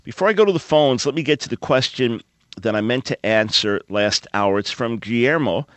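A man's voice: medium pitch, expressive, moderate pace, dry recording. A man hosting a call-in radio show, teaching from the Bible in an earnest, emphatic and conversational way into a studio microphone. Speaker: radio talk show host.

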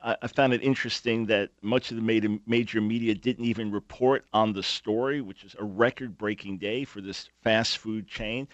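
A man's voice: on the low side, fairly even intonation, moderate pace, few pauses, no room sound, highs cut off. Man, talk radio host, emphatic, sarcastic, dry close mic.

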